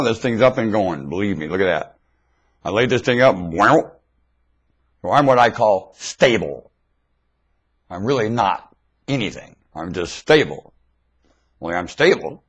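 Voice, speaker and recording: A man talking into a webcam in a rambling, blunt monologue, swinging between loud emphatic outbursts and low mutters. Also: husky. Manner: blunt, confrontational. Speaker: webcam video maker. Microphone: webcam microphone.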